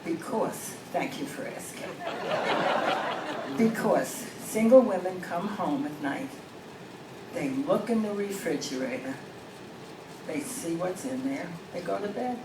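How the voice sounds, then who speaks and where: Older woman stand-up comic, unhurried storyteller, distant mic in a live venue. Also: lowish voice, animated. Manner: storytelling with punchlines. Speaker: comedian. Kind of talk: stand-up comedy. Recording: echoey and distant, with crowd noise.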